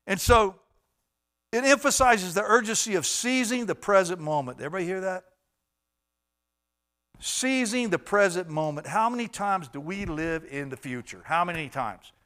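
Man preaching a sermon, emphatic, repeats himself, a bit high voiced. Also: animated, moderate pace, fairly bright tone. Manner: emphatic and repetitive, exhorting the congregation. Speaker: pastor.

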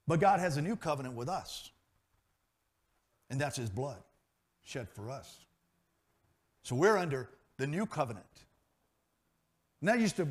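Male preacher, high voice, dynamic delivery with loud peaks and quiet asides. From grew up in a pastor's family. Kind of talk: sermon.

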